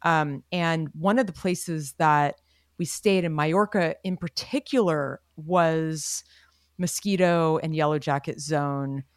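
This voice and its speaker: A woman's voice: low voice, slow pace, no room sound, clean studio sound. A woman co-hosting a casual podcast chat, sharing rambling anecdotes in an easygoing way. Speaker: podcast co-host.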